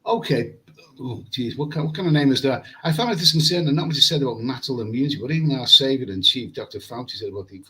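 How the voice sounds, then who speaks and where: Bright-voiced rambling man. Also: medium pitch, fast, low-quality recording. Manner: rambling, repeats words, chatty. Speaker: travel vlogger. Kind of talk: casual live stream chat reading comments. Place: hotel room with air conditioning.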